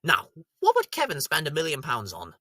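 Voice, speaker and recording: Man, high voice, comedy show host, jokey commentary, bright tone, very animated pitch, dry close sound. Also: normal speed, no room sound. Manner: jokey, bursts into silly shouted voices.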